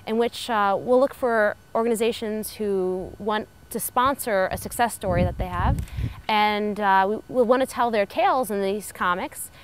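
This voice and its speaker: A woman's voice: mid-range voice, normal speed, a little hiss or hum. A young adult woman cartoonist speaking in an interview, upbeat and earnest.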